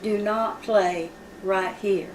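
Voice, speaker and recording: A woman's voice: medium pitch, fairly even intonation, slow, a little hiss or hum, natural voice. Woman quoting a stern father. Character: stern father warning his child. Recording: roomy sound from a distant mic.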